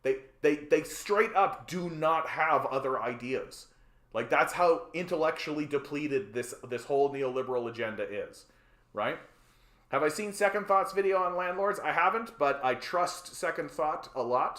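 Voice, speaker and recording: Brief: a man hosting a livestream, profane and heated, slightly high voice, roomy echo. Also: moderate pace, a bit bright. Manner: profane, heated, many repeated words and fillers. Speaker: political livestream host. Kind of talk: ranting live-stream commentary.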